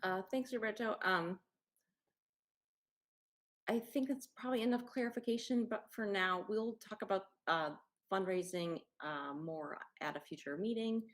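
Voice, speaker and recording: A woman's voice: mid-range voice, moderate pace. A woman chairing a school council meeting, speaking hesitantly with many fillers.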